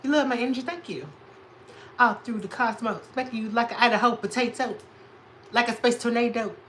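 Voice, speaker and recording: A man's voice: very high-pitched, a little fast, a little hiss or hum, low-quality recording. A man from Chicago chatting on a livestream while doing drag makeup, sassy and talking back to the comments. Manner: sassy, animated, talks back to chat. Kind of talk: casual livestream chat reading comments.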